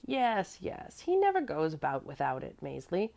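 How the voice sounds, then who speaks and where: A woman's voice: low-pitched, wildly swooping pitch, moderate pace, vocal fry, mellow, full character voice. A woman reading aloud and voicing a fussy, devoted older woman servant who speaks earnestly and emphatically. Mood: fretful.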